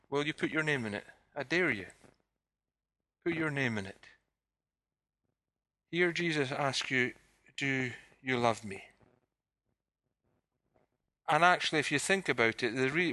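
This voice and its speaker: Earnest preacher with a bright voice. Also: male voice, mid-range voice, no echo. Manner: earnest, repeats questions to the congregation, quotes scripture in a quieter voice. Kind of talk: sermon.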